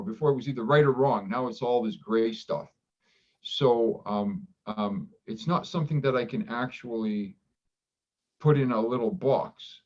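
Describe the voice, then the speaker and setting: A man of middle pitch talks candidly as a guest, thoughtful and halting, often restarting his sentences. He livens up when acting out remembered exchanges. The audio sounds dull and lo-fi. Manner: reflective, halting with many restarts; acts out quoted dialogue with livelier voice. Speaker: doctor in recovery, guest. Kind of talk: candid interview conversation.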